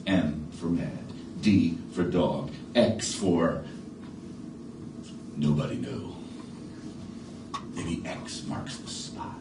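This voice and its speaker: Middle-aged male storyteller from New York City, slow and animated; live theater sound from afar, echoey and noisy. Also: sits low. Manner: dramatic, animated, shifts between hushed and loud. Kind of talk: theatrical one-man storytelling. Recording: echoey stage from far off with noise.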